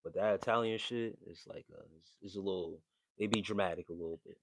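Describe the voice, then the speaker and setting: Deep-voiced dude on a livestream reading chat, slangy, dry close sound. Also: male voice, fast, no room sound. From New Jersey. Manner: laid-back, loose slangy talk with many fillers.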